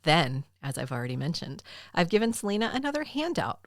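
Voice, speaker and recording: A woman's voice: fairly low pitch, very animated, a little fast, dry recording, studio quality. A woman with a Southern accent co-hosting a podcast in casual chat, laughing often and teasing her co-host.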